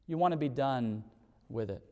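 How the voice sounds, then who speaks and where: A man preaching a sermon, moving between loud pleading and quiet intensity, sometimes mocking the speakers he quotes. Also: mid-range voice, moderate pace, in a large hall. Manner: mocking put-on voices for quoted figures. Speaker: pastor.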